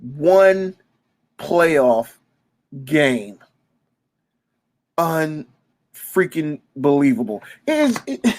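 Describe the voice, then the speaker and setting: Speaking unscripted as a fan, this former youth football coach from Detroit has a voice on the high side. He grows emotional, says things more than once, trips over his words, and breaks into abrupt loud outbursts.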